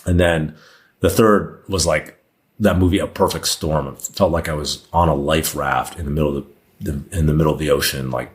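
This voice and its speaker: A podcast guest in his thirties, with a very deep voice, fairly even intonation and a moderate pace, recounts a personal story in casual conversation. It comes out candid and meandering, with frequent fillers and restarts.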